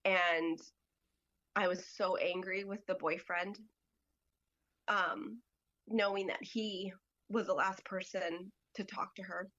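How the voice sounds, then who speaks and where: A woman guest on a podcast, telling a personal story in a halting way, full of "like" and "you know". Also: fairly low pitch, fairly bright tone, dull audio.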